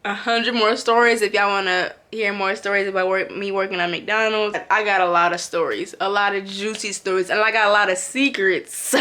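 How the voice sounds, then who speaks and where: Young woman, casual storytelling vlog, lively, bright voice. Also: normal speed, few pauses. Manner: animated, acts out quotes with big pitch jumps. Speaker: vlogger.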